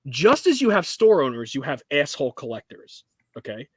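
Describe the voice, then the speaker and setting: A man's voice: fairly high pitch, sing-song, normal speed, slightly rough, no echo. A man co-hosting a casual chat, blunt and profane, saying he tells it like it is. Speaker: co-host.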